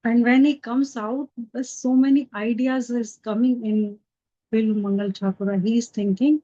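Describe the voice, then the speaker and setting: A woman, a spiritual teacher telling a devotional story in earnest, unhurried narration with simple phrasing. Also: a little high, steady tone, warm tone. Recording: dull lo-fi recording.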